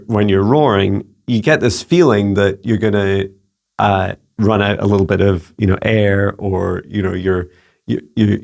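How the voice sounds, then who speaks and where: Gravelly low Scottish man, halting delivery. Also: darkish tone. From Scotland. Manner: halting, searching for words as he relays messages. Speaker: psychic mentor answering viewer questions. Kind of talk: casual solo channeling Q&A. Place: home with a laptop.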